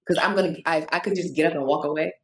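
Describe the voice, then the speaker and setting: A woman's voice: low-pitched, racing. A woman co-hosting a podcast in casual chat, blunt and swearing freely, acting out quoted reactions in different voices. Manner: animated, acts out quoted reactions in varied voices. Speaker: podcast co-host.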